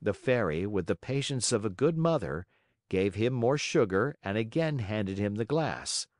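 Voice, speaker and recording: A man narrating an audiobook of a classic children's story in a measured storybook reading style. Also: on the low side, lively intonation, darkish tone, dry recording, studio quality. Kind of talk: scripted narration.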